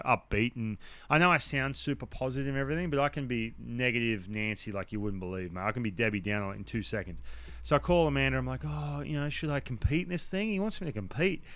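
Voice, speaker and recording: A man's voice: mid-range voice, no room sound. A man telling a story in casual chat, acting out the quotes. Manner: animated storyteller, acts out quotes loudly. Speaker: podcast guest telling a story.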